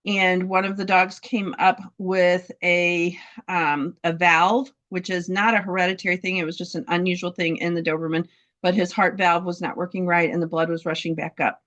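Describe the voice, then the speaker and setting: A woman telling a heartfelt story about her dogs' health, halting, with many fillers and restarts. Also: on the low side, flat delivery, a bit bright, highs cut off. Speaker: dog breeder sharing a testimonial. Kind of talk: casual testimonial in a group talk.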